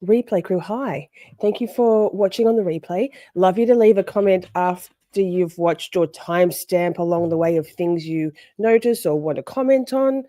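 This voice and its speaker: A woman's voice: fairly low pitch, normal speed, mellow, no echo. A woman hosting a casual livestream, rambling chattily and greeting viewers by name. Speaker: livestream host.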